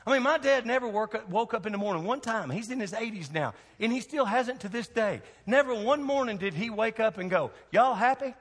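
A man's voice: sits high, expressive, a little fast, few pauses, slightly rough, in a large hall. A man, a pastor preaching a sermon with folksy, emphatic storytelling.

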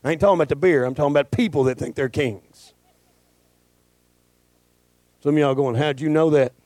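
A male pastor, preaching a folksy, joking sermon that swells into shouting. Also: on the high side, brisk, no echo.

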